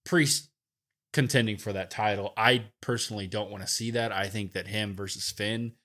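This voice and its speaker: A man's voice: fairly low pitch, steady tone, moderate pace, bright, forceful tone. A man co-hosting a wrestling podcast, giving his opinions casually and thinking aloud. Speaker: podcast co-host.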